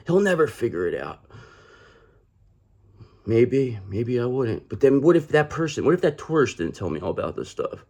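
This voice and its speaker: A man's voice: medium pitch, a little mellow. A man giving a casual tarot reading to camera, calling the listener "brother" and repeating his points. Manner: acts out other people in mocking quoted voices. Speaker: tarot reader.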